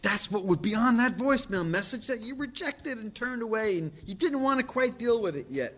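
Animated high-voiced male preacher. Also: brisk, few pauses, faint music behind. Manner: emphatic preaching, swings from loud to hushed. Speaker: pastor. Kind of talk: sermon.

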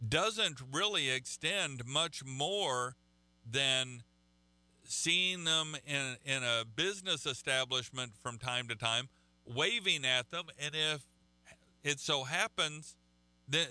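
A man preaching a sermon in a halting, conversational way, often repeating words as he goes. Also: mid-range voice, bright, forceful tone, no room sound.

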